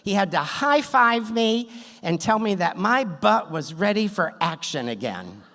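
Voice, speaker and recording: A man's voice: high voice, sing-song, measured pace, pushed and bright. A man telling a funny true story on stage at a story slam, wry and self-deprecating, with a good sense of timing. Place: stage in a theater hall. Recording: long hall reverb, on stage.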